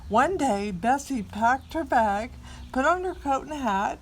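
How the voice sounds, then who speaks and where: A woman's voice: sits high, measured pace, a little hiss or hum. Woman reading a picture book aloud. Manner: expressive, prompts the child to join in.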